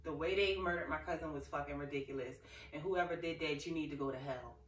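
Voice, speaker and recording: A woman's voice: low-pitched, fast talker, slight background noise. A young woman vlogging to camera, telling an emotional, rambling story in casual talk. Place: living room. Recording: echoey room, far from mic.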